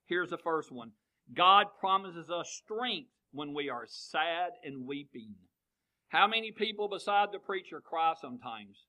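A man's voice: on the high side, bright, forceful tone, poor audio. A man, preaching a sermon and asking the congregation one question after another. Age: 50s. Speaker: pastor.

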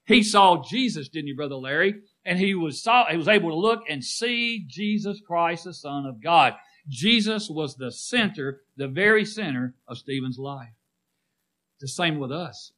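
Bright-voiced emphatic male preacher. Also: sits high. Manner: emphatic, repeats phrases, calls on listeners by name. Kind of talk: sermon with congregation call-and-response.

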